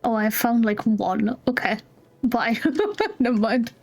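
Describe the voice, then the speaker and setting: A woman streamer with a high voice, taking her time, chatty and jokey, dropping casual swears as she reacts to the game. She talks straight into a desk mic. Soft music plays under her. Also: steady tone, takes it slowly. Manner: chatty, joking, swears freely. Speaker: gameplay streamer. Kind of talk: casual let's-play commentary.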